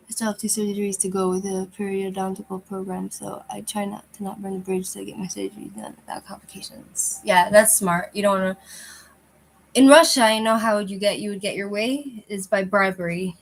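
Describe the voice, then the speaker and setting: A woman's voice: mid-range voice, rough recording. Rambling woman on a lousy mic. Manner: rambling, loose and chatty, often restarting. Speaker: channel host chatting with viewers. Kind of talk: casual livestream chat. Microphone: cheap, lousy microphone.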